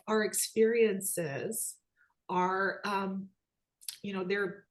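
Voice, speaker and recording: A middle-aged woman telling personal stories about her children in an animated way, voicing their dialogue. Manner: animated, acts out quoted dialogue with rising pitch. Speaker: speaker, children's book author. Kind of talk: personal storytelling talk.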